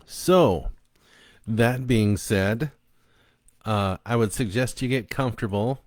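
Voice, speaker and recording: A man's voice: medium pitch, slow pace, a little mellow, no room sound, studio quality. A man, the author, reading his own book aloud after a casual, chatty introduction full of ums and uhs.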